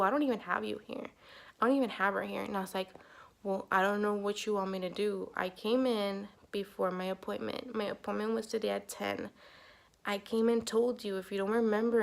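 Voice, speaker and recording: A young woman vlogging straight to her viewers, retelling her story in a chatty, exasperated way. Her mid-range voice has a gravelly fry, and she fills it with "like" and "you know what I mean". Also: medium pitch. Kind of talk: casual storytime vlog.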